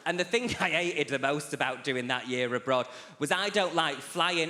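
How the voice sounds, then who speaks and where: A stand-up comedian tells stories in a bright, slightly high voice, camp and animated with sharp asides. The sound is roomy, a live theatre stage mic. Audience laughter rises behind him. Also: male voice, moderate pace, hardly any pauses, a faint crowd, slight background noise. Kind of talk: stand-up routine. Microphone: handheld stage mic.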